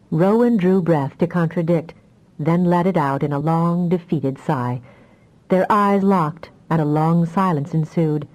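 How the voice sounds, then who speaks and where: A woman narrating a fantasy audiobook in a measured, even storytelling manner. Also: low voice, rough recording.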